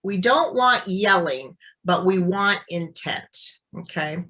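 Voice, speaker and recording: A woman speech therapist explaining and demonstrating voice exercises in a clear, deliberate teaching manner. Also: lowish voice, expressive, pushed and bright, poor audio. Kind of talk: instructional demonstration.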